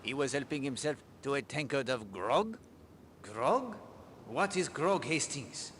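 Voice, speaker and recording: Man playing a polite, fastidious detective, formal, game voice acting. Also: mid-range voice, animated, long reverb tail, background noise, lightly acted. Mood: courteous. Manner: formal, courteous.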